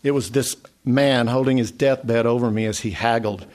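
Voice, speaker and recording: A man reading a literary memoir story aloud in a measured way. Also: mid-range voice, fairly even intonation, a little mellow. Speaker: narrator.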